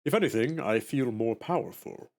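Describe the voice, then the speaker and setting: A man's voice: mid-range voice, animated, moderate pace, creaky, darkish tone, pitched below the performer's own voice. A man voicing a young male witch fused with a monster, reading the game dialogue aloud in a wry, self-mocking, matter-of-fact way.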